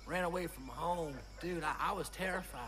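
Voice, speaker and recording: An actor playing a rowdy young redneck party dude who rambles with goofy bravado in a drawl. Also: male voice, fairly high pitch, brisk, natural voice. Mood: rambling. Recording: game audio with loud background noise.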